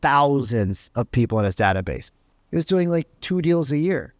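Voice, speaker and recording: A man's voice: medium pitch, sing-song, moderate pace, no room sound, clean studio sound. A man giving a motivational talk as a sales coach, emphatic and full of rhetorical questions. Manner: emphatic, asks rhetorical questions, says "right?" often.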